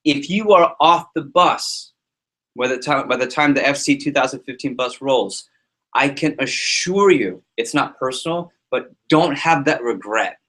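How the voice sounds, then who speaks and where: A man giving a motivational talk to his sales team as their liaison, animated and joking, acting out little scenes. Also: medium pitch, moderate pace.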